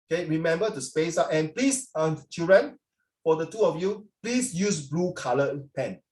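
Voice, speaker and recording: A middle-aged man with a Singaporean English accent talks students through their essays over a video call, chatty and lively, slipping into Chinese now and then. His voice sits fairly high. The room around him is echoey. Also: moderate pace. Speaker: tutor. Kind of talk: online class feedback. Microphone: computer mic on a video call.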